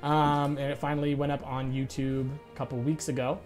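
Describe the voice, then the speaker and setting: A man's voice: medium pitch, level tone, brisk, a little mellow, faint music behind. A man with a nasal voice running a game stream, chatting casually and rambling on a lapel mic in a small room. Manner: chatty, rambling, self-interrupting. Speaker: dungeon master. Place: small indoor stream room with cloth hanging from the ceiling.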